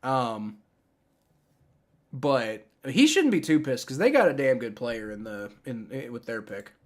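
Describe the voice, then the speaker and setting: A man's voice: medium pitch, sing-song, measured pace. A young man casually reacting on a live stream, rambling with many restarts and frequent swearing. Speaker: streamer reacting to a sports draft.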